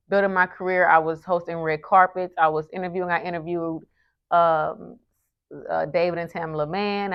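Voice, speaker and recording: A woman's voice: on the low side, smooth. Earnest woman vlogger, muffled audio. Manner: earnest, animated storytelling with frequent restarts. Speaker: lifestyle vlogger and event host. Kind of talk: casual talk to camera. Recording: muffled lo-fi sound.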